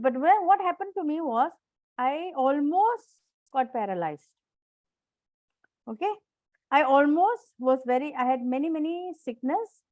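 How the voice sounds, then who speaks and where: A woman's voice: high-pitched, darkish tone, no echo, highs cut off. A woman coach leading a live online class on self-management, encouraging and repetitive, often checking in with questions to her students.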